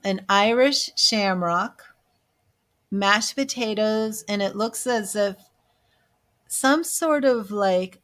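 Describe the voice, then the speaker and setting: A woman giving a live-stream psychic reading, chatty and self-amused, now and then dropping into soft murmured asides as she calls out names to her viewers. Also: mid-range voice. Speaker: psychic medium reader.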